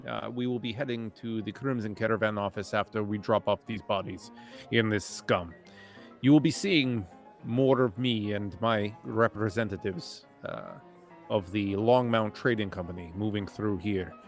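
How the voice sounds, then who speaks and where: A man's voice: on the low side, moderate pace, soft background music, natural voice. A man voicing a shrewd male ghoul trader in a tabletop game, with stiff, businesslike politeness.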